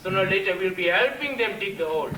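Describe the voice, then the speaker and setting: A man's voice: high-pitched, expressive, fast talker, pushed and bright, slight background noise. An actor playing a chatty working man who tells a funeral story on a theatre stage, often adding 'you know' and 'man'. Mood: storytelling. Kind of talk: stage play performance. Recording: echoey hall, distant mic.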